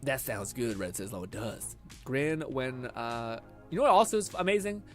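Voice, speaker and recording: A man's voice: medium pitch, lively intonation, normal speed, soft background music. A young man streaming a game, chatting casually with viewers, rambling, swearing and laughing often. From Canada. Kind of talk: casual chat reading viewer comments.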